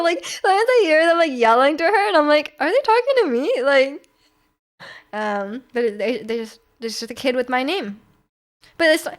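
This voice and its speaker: Young woman streamer yapping away with chat, high voice, rambly, lots of likes and ums. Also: a bit bright. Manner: chatty, rambling, many fillers and restarts. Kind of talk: casual chat with viewers.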